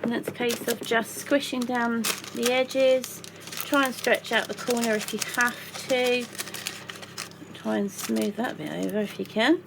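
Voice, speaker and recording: A woman's voice: on the high side, a little slow, vocal fry, noisy background. A chatty woman, baking in her home kitchen and talking playfully as she goes, tossing in silly made-up words. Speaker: baking vlogger. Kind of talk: casual chat while baking.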